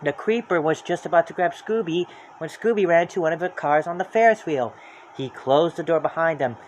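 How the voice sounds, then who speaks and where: A storybook reader narrating a children's book aloud in a lively, expressive way. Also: mid-range voice, fairly quick, a little hiss or hum.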